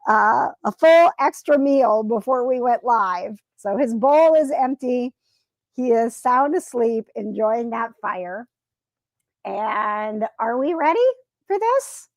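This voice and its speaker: Gravelly-voiced woman reading live at home. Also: fairly high pitch, dry recording, poor audio. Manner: chatty, sweet-talks her cats, stumbles and corrects herself. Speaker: author and channel host. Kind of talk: live book reading and chat. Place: home, by a Christmas tree and fire.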